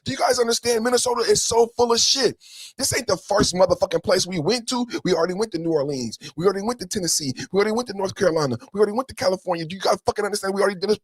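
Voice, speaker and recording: A man's voice: fairly high pitch, dry recording. A male podcast host giving a heated political rant, full of swearing and repeated rhetorical questions.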